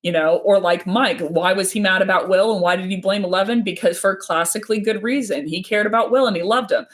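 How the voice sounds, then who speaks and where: A woman talking as a guest on a casual livestream, rambling quickly and often restarting her sentences. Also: medium pitch. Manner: fast, rambling, with many restarts. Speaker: guest speaker.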